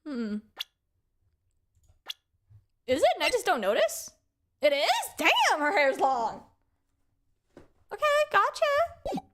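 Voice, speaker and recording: A woman's voice: high-pitched, huge pitch swings, normal speed, fairly bright tone. A young woman streaming a game, reacting and commenting in a blunt, casual way and swearing freely. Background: game music.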